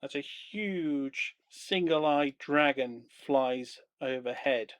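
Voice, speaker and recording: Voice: medium pitch, takes it slowly, no room sound. A game master narrating a live-streamed tabletop game with dramatic description, on a streaming microphone.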